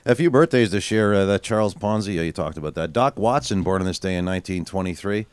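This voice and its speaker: A man hosting a casual radio segment, joking with his co-hosts and reading out a list of birthdays in a relaxed way. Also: low voice, fast talker, clear, resonant tone, dry recording. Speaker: radio show host. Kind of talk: casual studio banter.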